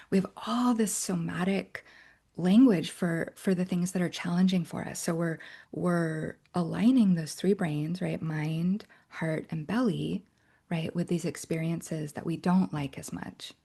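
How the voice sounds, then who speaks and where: A woman coach teaches a workshop in a relaxed, conversational way, checking in with her listeners again and again. Her voice sits a little low, with a gravelly, husky texture. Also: measured pace. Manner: conversational, keeps asking "right?".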